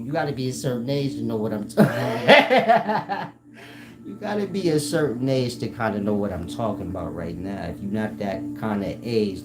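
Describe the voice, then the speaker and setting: A man telling comic stories to his chat in a slangy, animated way, laughing often and slipping into quoted voices. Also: on the low side. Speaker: streamer talking to his chat. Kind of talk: casual comic storytelling. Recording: roomy sound with music behind.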